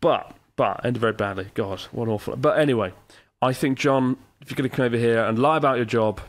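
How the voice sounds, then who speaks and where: A man's voice: mid-range voice, fast talker. Chatty man hosting a podcast. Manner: jokey, chuckles often, reads listener emails aloud. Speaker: podcast host. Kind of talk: casual podcast chat.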